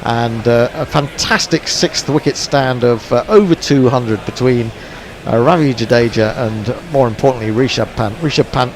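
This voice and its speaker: A man doing relaxed ball-by-ball cricket commentary on an internet radio stream, chatty and dry, with plenty of fillers. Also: medium pitch, moderate pace. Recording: faint background noise.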